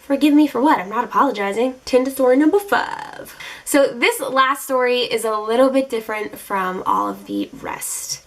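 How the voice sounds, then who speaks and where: A young woman in her twenties vlogging, telling dating stories to camera in an animated, exasperated, sassy way. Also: fairly high pitch, moderate pace. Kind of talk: casual storytelling to camera.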